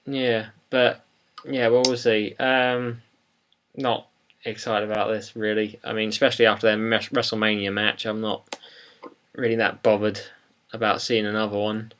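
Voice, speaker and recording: A man's voice: lowish voice, little pitch movement, normal speed, fairly bright tone, clear, resonant tone. Rambling, hesitant young man. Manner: rambling and hesitant, with many ums. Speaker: podcast co-host. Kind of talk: casual chat.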